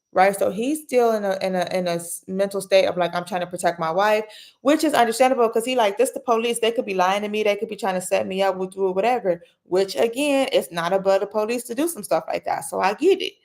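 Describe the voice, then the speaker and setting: A woman hosting a casual late-night commentary, retelling a case in a chatty, animated way with slangy asides. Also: mid-range voice. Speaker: commentary host.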